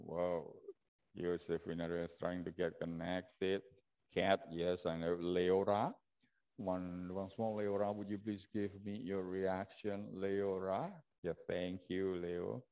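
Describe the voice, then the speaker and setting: A man's voice: low-pitched, darkish tone, rough recording. A man teacher with an Indonesian accent, taking roll in an online class and talking with many fillers and restarts. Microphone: video call.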